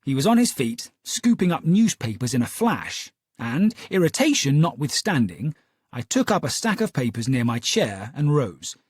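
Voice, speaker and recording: A man reading a story aloud in a measured, expressive style. His slightly husky voice moves with lively intonation and sits a little high. The recording is close and dry. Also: no echo. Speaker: audiobook narrator. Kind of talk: scripted narration.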